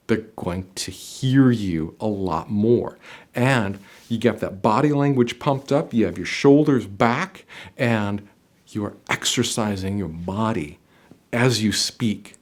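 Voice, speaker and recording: Middle-aged male interview coach, lively pitch swings, emphatic and motivational to camera. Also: measured pace. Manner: emphatic, motivational, addresses viewer directly. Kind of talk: direct-to-camera coaching video.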